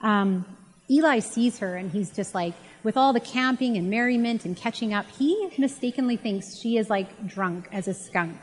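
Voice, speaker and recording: A woman's voice: a little high, moderate pace. A woman giving a casual, chatty Bible teaching and retelling the story in a conversational way. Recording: long reverb.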